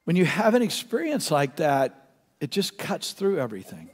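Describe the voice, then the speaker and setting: Middle-aged male pastor, earnest storyteller, slightly higher voice, long hall reverb, soft-to-loud swings. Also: wildly swooping pitch, normal speed, husky. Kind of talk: sermon.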